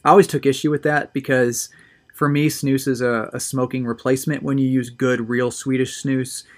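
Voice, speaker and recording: A man's voice: mid-range voice, little pitch movement, normal speed. A man hosting his own video show, talking casually and enthusiastically, often repeating words as he goes. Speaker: host of a tobacco review show. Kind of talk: casual solo video monologue.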